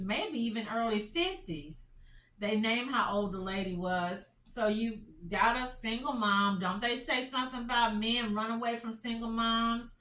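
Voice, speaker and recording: A woman's voice: mid-range voice, bright, forceful tone. A middle-aged woman doing casual commentary, reading lines aloud and reacting with dramatic disbelief. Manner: dramatic, incredulous reactions, slow emphatic reading. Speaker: commentary channel host. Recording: echoey room, voice from a distance.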